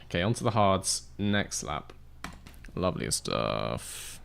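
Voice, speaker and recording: A man's voice: sits low, big pitch swings, slow pace, gravelly, a bit bright, slight background noise. A man casually chatting on a live stream while playing a racing management game, joking with chat and laughing often into a desk microphone with a pop filter. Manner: jokey, laughs often, reads chat aloud.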